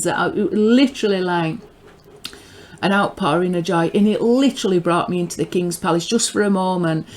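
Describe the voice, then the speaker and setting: A middle-aged woman with a northern English accent giving a rambling personal testimony, often repeating and restarting words as she grows excited. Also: mid-range voice. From northern England. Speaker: religious video maker.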